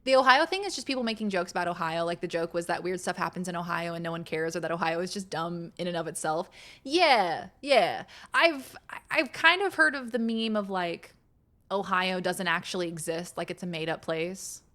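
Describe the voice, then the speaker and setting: A woman's voice: on the low side, fairly quick, sharp tone. A young adult woman streaming a game, chatting casually with viewers, thinking aloud, laughing often and swearing now and then. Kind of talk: casual live-stream chat while gaming.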